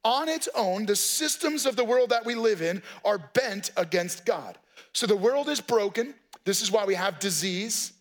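A man with a notably high-pitched voice delivers a sermon. He talks to the congregation like a friend, mixing casual asides with firm points of teaching. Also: lively intonation, moderate pace. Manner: conversational, folksy preaching with asides. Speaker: pastor.

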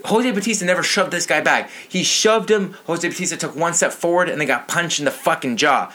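A man's voice: on the high side, fast talker, sharp tone. A man ranting about sports to his channel's viewers, outraged, profane and a little tipsy.

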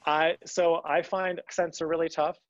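A man's voice: fairly high pitch, level tone, moderate pace, no room sound. A young man speaks as an interview guest, earnest and a little rambling, often circling back to restart a thought. The recording sounds dull and lo-fi, with a dry, close feel and no room around it. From United States. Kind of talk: conversational interview.

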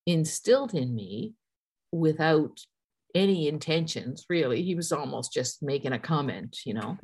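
A woman's voice: low voice, animated, measured pace, a little mellow, breathy edge. A middle-aged woman from Newfoundland, with a light Newfoundland accent, talking earnestly in a casual interview with many fillers and restarts. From Newfoundland, Canada. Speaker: guest.

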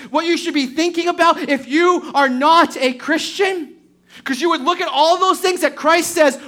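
High-voiced woman preaching with emphasis. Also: unhurried, a bit bright. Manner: emphatic, with rhetorical questions to the congregation. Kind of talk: sermon. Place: church service before a congregation.

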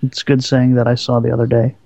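A man co-hosting a live radio talk show, calm and unhurried. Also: mid-range voice, vocal fry, no room sound, highs cut off. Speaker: radio co-host.

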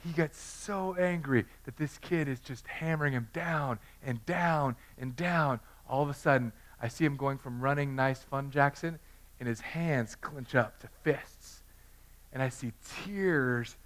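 A man's voice: medium pitch, a little slow, fairly bright tone. A man in his thirties preaching a sermon in a conversational, self-deprecating way, telling personal stories. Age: 30s. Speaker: pastor.

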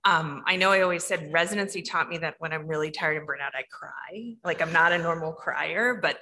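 A woman family doctor talks candidly and casually on a panel, using lots of "like". Her voice is bright and forceful, though lowish in pitch. It rings out with a long reverb in a large hall. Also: brisk. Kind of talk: panel discussion.

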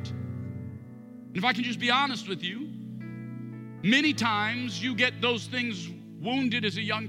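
A man preaching a sermon as pastor, animated and playing out both sides of imagined conversations in a large church. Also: sits high.

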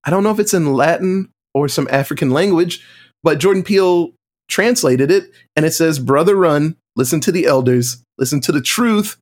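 A man talking through film trivia in a relaxed podcast chat, with a slightly higher voice than most men. He tells it with animated energy and often jumps into exaggerated quoted voices. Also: moderate pace. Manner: animated storytelling, acting out quotes in shifting voices. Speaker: podcast co-host or guest. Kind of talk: casual movie discussion.

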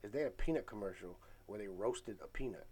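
A man's voice: fairly low pitch, quick pace, slight background noise. A man in his forties, a guest comedian, telling stories in a casual, laughing way on a talk show. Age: 40s. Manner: animated, laughing, lively storyteller.

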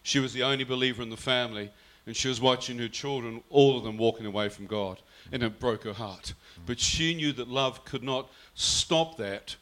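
A man tells his own story in a bright, forceful voice. He speaks earnestly and slips into his mother's words as he recounts them. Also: medium pitch, normal speed, hardly any pauses. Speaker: guest telling his testimony. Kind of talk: personal storytelling.

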